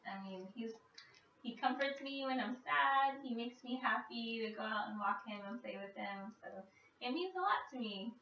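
A woman's voice: on the high side, lively intonation, normal speed, lo-fi sound, a little hiss or hum. A woman vlogger chatting casually to the camera, with lots of fillers and small laughs. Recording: echoey room, mic at a distance.

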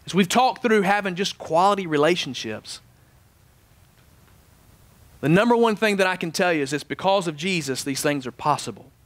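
A man preaching a sermon as pastor, animated in his stories and dropping soft and low for prayer. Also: normal speed, long pauses, no room sound. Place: church sanctuary.

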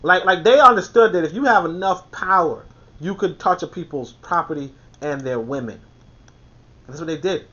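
A man with a high voice reads passages from a book and breaks off to comment on them. He talks emphatically and repeats his points for effect. The recording sounds dull and lo-fi. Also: moderate pace, sharp tone. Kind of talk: reading a book aloud with commentary.

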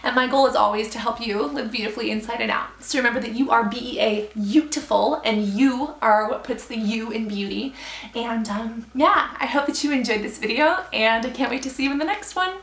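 A woman's voice: on the high side, a little fast, a bit bright, echoey room. A young woman vlogger talking earnestly and encouragingly to her viewers, reflecting on letting go of things. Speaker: beauty vlogger. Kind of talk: heartfelt talk to camera.

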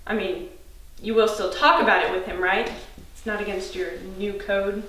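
A woman's voice: mid-range voice, steady tone, moderate pace, fairly bright tone, natural voice. An actress playing a frank young woman who speaks bluntly and swears when riled. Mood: friendly. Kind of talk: indie film drama acting. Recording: far-off mic in an echoey room, faint noise.

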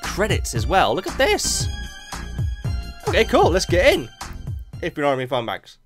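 A man giving jokey let's play commentary as a gaming YouTuber, getting excitable and yelping at close calls. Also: a little high, moderate pace, faint music behind. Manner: excitable, jokey, yelps at near misses.

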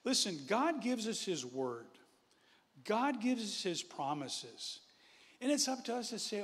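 Animated male pastor preaching in a hall. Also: sits high, a little slow, breathy edge. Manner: animated, conversational, chuckles often. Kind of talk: sermon. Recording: echoey hall.

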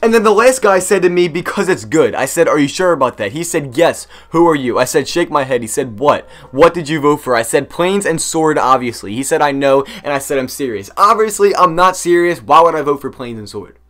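Fast-talking, upbeat young-sounding man. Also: on the high side, faint music behind. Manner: energetic, chatty, addresses viewers directly. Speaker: gaming YouTuber. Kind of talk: casual gaming video narration.

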